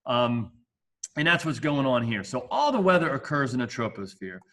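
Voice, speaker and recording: A man's voice: mid-range voice, big pitch swings, normal speed, pushed and bright. A male science teacher giving a casual, jokey classroom lecture with asides.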